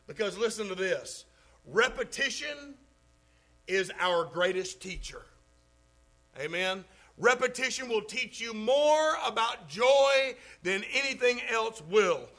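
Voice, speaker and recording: A man's voice: high voice, bright, forceful tone, poor audio. A man preaching a sermon to a congregation, leaning hard on key words. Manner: emphatic, drawn-out stresses on key words.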